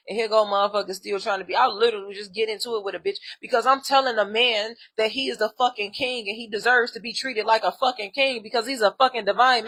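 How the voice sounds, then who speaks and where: Bright-voiced woman ranting bluntly. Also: a little high, slightly rough. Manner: blunt, heavy swearing, animated and exasperated. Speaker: spiritual vlogger. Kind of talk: profane ranting monologue.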